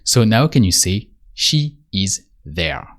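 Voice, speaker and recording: A man giving a spoken language lesson, patiently repeating prompts and pausing for the listener to answer. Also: on the low side, very animated. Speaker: French teacher.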